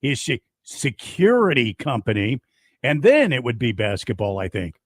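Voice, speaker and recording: A man co-hosting sports radio, mostly brief agreements, halting with many fillers when he talks longer. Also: medium pitch, huge pitch swings, no room sound, clean studio sound. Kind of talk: casual sports radio banter.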